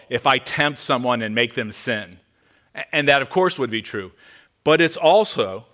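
A man preaching a sermon to his congregation as their pastor, earnest and emphatic, dropping to quieter asides. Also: medium pitch. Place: church sanctuary.

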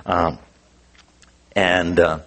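A man preaching a sermon, telling a personal story in an earnest, animated way with frequent restarts. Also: low voice, drawn-out words.

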